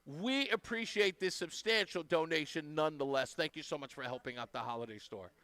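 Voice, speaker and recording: A man's voice: fairly high pitch, fairly quick, pushed and bright. A man hosting a live radio talk show, chatting casually and effusively thanking donors. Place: radio studio.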